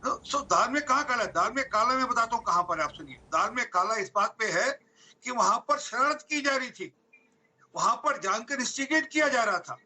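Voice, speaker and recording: A high-pitched man from India fires off a forceful rebuttal as a debate panelist. He talks extremely fast, and his voice has a sharp, tense edge. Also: expressive, slightly rough, rough recording. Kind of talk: heated TV debate.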